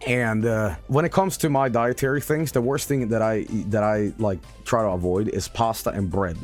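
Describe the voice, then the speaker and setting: A man streaming gameplay commentary in a casual, hyperbolic way, with mock-announcer flourishes and shouted swearing at losses. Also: fairly low pitch, moderate pace, faint music behind.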